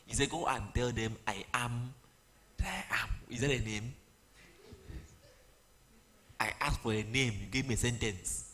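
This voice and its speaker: Lively preacher, bright voice. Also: male voice, mid-range voice, a little slow, long pauses, a little hiss or hum. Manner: animated, humorous retelling with pidgin asides. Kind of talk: storytelling sermon.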